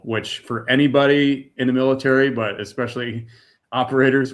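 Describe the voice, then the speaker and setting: A middle-aged man from the United States giving an emotional personal testimony, earnest and raw, repeating words when moved. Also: mid-range voice. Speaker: guest.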